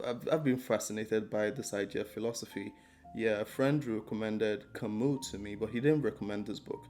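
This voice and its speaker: A man's voice: fairly low pitch, darkish tone. A man giving a casual spoken book review, rambling and hesitant with many ums and restarts.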